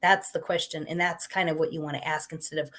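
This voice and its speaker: A middle-aged woman hosting a live-streamed inspirational talk show, upbeat and gently encouraging in a conversational way. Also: deep voice, fairly even intonation, fast talker. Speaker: host.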